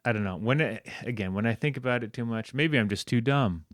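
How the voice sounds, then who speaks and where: A man with an English accent, co-hosting a casual podcast about video games, self-deprecating and quick to laugh. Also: mid-range voice, no room sound, studio quality. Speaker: podcast co-host. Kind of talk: casual game discussion. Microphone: close podcast mic.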